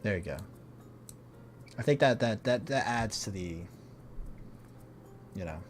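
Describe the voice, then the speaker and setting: A young man hosting a charity livestream, chatting casually with viewers in a laid-back, slangy way that often trails off quietly. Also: fairly low pitch, expressive, measured pace, a little hiss or hum. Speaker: streamer hosting a charity stream.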